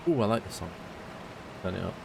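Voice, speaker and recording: A man's voice: deep voice, expressive, a little fast, gravelly, breathy edge. Chatty British man streaming a game. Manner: rambling and chatty, answering viewers. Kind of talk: casual live-stream chat while playing.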